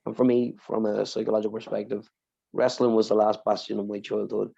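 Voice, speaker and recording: A man on a podcast telling an emotional personal story, swearing freely and speaking with deep feeling. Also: level tone, a little fast, vocal fry, mellow, slightly rough, lo-fi sound. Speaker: podcast co-host.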